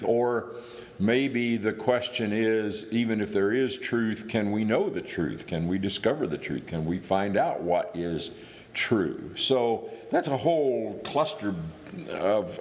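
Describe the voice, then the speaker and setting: A man's voice: lowish voice, animated, slow pace. A middle-aged man from Indiana giving a guest sermon in a church, talking it through in a conversational way with small restarts. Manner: conversational, thinking aloud with restarts. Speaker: guest preacher. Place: church hall. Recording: reverberant church hall.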